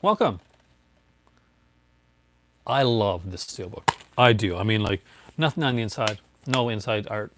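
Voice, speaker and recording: A man's voice: lowish voice, lively intonation, measured pace, pauses often, noisy background. A man chatting casually as he shows off his disc collection, rambling, laughing often and greeting viewers by name. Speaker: collector showing his discs. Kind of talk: casual livestream show-and-tell.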